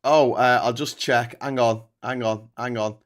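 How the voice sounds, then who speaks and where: A man hosting a late-night live stream in a casual chatting style. His medium-pitched voice jumps from relaxed talk to loud, excited bursts when he hypes up the audience. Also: a little slow. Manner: energetic, loud bursts when hyping super chats. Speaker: livestream host.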